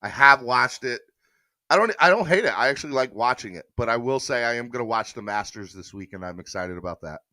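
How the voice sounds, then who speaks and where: A man's voice: mid-range voice, expressive, fairly quick, pushed and bright, no echo, clean studio sound. A man hosting a casual sports podcast live stream, rambling chattily and reading viewer comments aloud. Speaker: podcast host.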